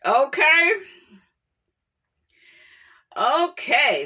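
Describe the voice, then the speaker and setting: A woman hosting a gossip commentary vlog, sassy and animated, breaking into asides and laughter. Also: fairly low pitch, measured pace, breathy edge. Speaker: commentary channel host.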